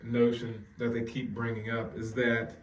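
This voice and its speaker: A man, talking casually as a podcast co-host, animated and repeating words when he gets going. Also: medium pitch, moderate pace. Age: 40s. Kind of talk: casual chat. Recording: roomy sound, mic at some distance.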